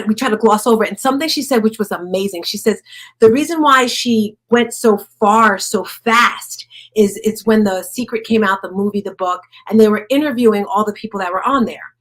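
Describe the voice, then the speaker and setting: A woman's voice: medium pitch, normal speed. Woman giving a heartfelt motivational talk. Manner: personal, conversational, asks the audience questions. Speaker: speaker at a women's event.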